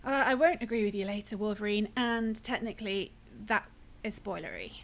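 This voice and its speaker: A woman's voice: mid-range voice, a little fast. A woman streamer giving casual, wry commentary while playing a video game. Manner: chatty, wry, self-deprecating asides.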